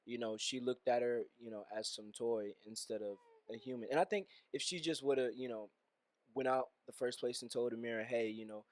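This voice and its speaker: A man co-hosting a podcast, chatting about a movie in a measured way with many "you know" fillers. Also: mid-range voice, steady tone, no room sound. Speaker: podcast co-host. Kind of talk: casual movie review chat.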